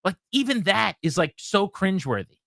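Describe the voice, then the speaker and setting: A man hosting a radio show, telling a story in a casual, animated way and acting out the voices of the people in it. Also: high-pitched, normal speed, vocal fry, no room sound, clean studio sound.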